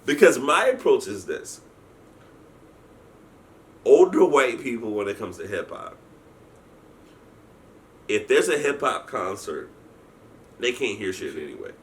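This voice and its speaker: A man telling a story in a casual chat. He is animated, often laughs and restarts his sentences. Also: lowish voice, a little slow, pauses often. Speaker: guest storyteller, convention founder.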